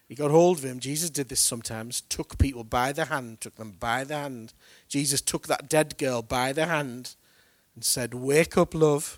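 Preacher guy, sermon, chatty, slips into voices for the bible bits, slightly high voice, dry sound. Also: no room sound. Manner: colloquial, acts out Bible voices. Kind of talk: animated sermon.

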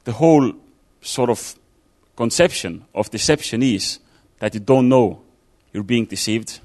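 A man's voice: mid-range voice, measured pace, darkish tone. A man giving an informal sermon, talking it through casually with fillers and restarts. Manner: conversational, thinking aloud with fillers and restarts. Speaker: preacher.

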